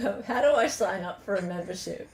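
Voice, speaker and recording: A woman's voice: mid-range voice, gravelly, noisy background. A woman hosting a live stream, chatting casually and reading out viewer comments. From Australia. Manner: chatty, reads viewer comments aloud, lots of fillers.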